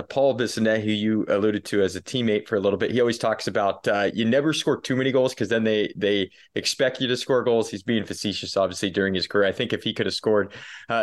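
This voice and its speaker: Male host, slightly low voice, meandering sports questions. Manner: long, winding questions with fillers. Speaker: interviewer, host. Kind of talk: interview questions.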